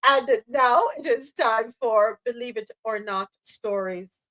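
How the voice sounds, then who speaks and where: A woman's voice: a little high, slow, a bit bright, rough recording. A woman hosting a news talk podcast, reading segments with chatty asides. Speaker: podcast host.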